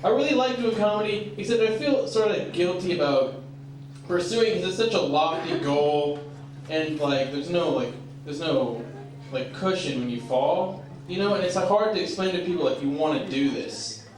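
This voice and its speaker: A young man performs stand-up in a small club, his slightly high voice picked up from a distance in a very echoey room. He talks in a halting, self-deprecating way, full of fillers. Audience laughter rolls in behind him. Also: slight background noise. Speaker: stand-up comedian. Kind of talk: stand-up comedy set. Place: small comedy club stage.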